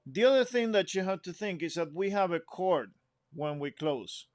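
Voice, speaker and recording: A man's voice: high voice, animated, no echo. Man teaching music phrasing. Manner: explains slowly, sings phrases and counts in. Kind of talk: instrument lesson.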